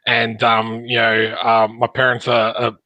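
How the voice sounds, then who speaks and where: A man hosting a podcast, chatting in a relaxed, friendly way and sharing family anecdotes. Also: mid-range voice, unhurried, no echo, highs cut off. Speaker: podcast host. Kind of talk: casual podcast chat.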